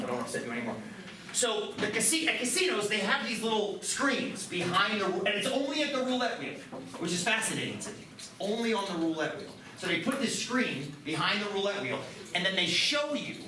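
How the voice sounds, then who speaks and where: A man teaching a math class, lively and joking, with quick asides to his students. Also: sits high. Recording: roomy classroom, mic at a distance, background noise.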